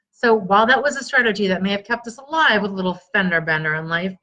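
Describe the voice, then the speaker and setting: A middle-aged woman coaches her viewers on a live stream, upbeat and encouraging. She greets people by name as she talks. The sound is slightly dull and lo-fi, with a middle-pitched voice. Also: expressive, fast talker, hardly any pauses, bright, forceful tone. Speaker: stress relief coach.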